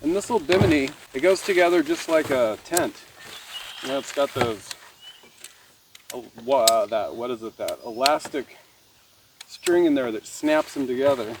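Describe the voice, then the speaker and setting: A man from Nevada vlogging from his kayak on a lake, talking in a relaxed, rambling way and marveling at the scenery. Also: medium pitch, moderate pace, long pauses, noisy background. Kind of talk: casual outdoor vlog narration.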